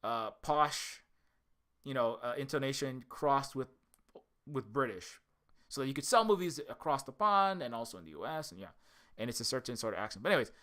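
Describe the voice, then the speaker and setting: A man's voice: mid-range voice, animated, a little fast, sharp tone. A man from the United States giving a casual, rambling commentary on an old film, often stopping to correct himself and restart his sentences. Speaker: indie game developer and channel host.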